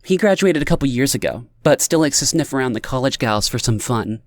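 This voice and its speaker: A woman's voice: a bass voice, animated, brisk, dry recording, clean studio sound, voice pushed up. A man doing a giddy, tipsy young woman. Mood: teasing. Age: young adult. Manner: teasing, exclaiming.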